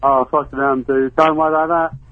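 A man's voice: mid-range voice, little pitch movement, fairly quick. A man from England with an English accent, calling into a radio show, blunt and swearing freely. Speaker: caller. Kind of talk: casual phone call. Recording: tinny phone line.

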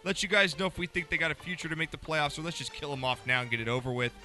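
A young man hosting a casual sports talk show, joking and moving briskly through segments. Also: a little high, bright, forceful tone, faint music behind.

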